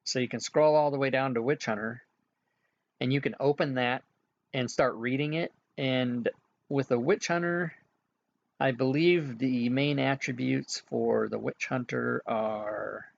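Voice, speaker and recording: A man's voice: medium pitch, steady tone, measured pace, vocal fry, dull audio, a little hiss or hum. A man working as game master, casually walking players through setup with frequent filler sounds. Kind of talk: casual instructions during an online game session.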